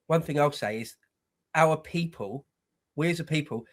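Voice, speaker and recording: A man's voice: on the high side, measured pace. A man co-hosting reaction commentary, talking bluntly and scornfully with lots of swearing. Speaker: co-host.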